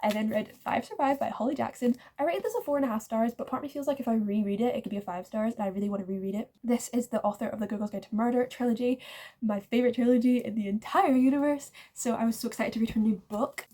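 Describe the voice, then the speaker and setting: Here a book vlogger with a voice on the high side but dark in tone talks fast. Chatty and self-correcting, she rates every book she's read in a casual review, using "like" often.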